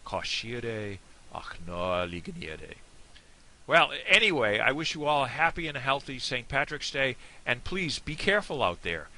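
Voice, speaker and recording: A man's voice: mid-range voice, sing-song, normal speed, few pauses, pushed and bright. An American man giving a casual, rambling lesson on a toast, with many fillers and self-deprecating asides. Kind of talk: casual screen-share lesson. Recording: faint hiss.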